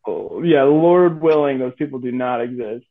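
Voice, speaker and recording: A man's voice: medium pitch, animated, moderate pace. A man, hosting a podcast in casual conversation, musing thoughtfully and hedging with filler words. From Atlanta, Georgia. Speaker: podcast host. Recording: tinny phone-like line.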